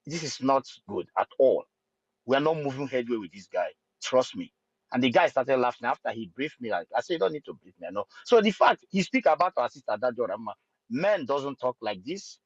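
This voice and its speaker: A man's voice: medium pitch, no room sound. Guy in an online space, lots of uhs and restarts, dull dry audio. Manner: hesitant, many fillers and restarts. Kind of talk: impassioned political talk.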